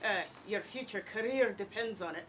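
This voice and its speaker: A woman's voice: medium pitch, normal speed, a bit bright, distant mic, slight background noise. A woman hosting a live podcast webcast, teasing and joking with her guest. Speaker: podcast host. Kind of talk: casual live webcast chat.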